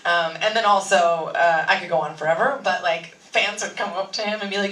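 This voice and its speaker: A woman's voice: mid-range voice, fairly quick, few pauses, fairly bright tone. A woman on a convention panel telling a story casually, often laughing as she talks. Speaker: film actor on a convention panel. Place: large convention hall. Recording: echoey hall, voice from far off.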